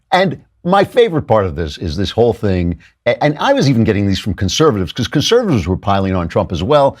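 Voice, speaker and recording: Male commentary host, husky voice, lively swinging pitch, sardonic, rapid restarts. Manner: fast, sardonic, animated, with quick restarts. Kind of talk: political commentary.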